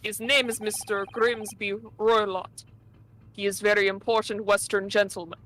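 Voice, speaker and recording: Brief: a woman doing a curt Russian-accented ship steward, bright and forceful, game read-along. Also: mid-range voice, little pitch movement, normal speed, a little hiss or hum, voice pushed down, lightly acted, low-quality recording. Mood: gruff. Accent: put-on Russian. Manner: drops articles, curt. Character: gruff male Russian ship steward, blunt.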